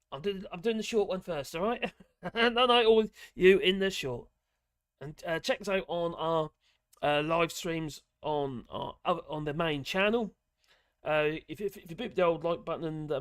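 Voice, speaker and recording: A chatty man hosting a live stream, rambling from one thought to the next as he works through viewer messages. His voice sits a little on the high side and is wearing thin as he loses it, and the sound is close and dry with no room echo. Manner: rambling, chatty, reads chat messages aloud. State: losing his voice. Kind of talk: casual live-stream chat.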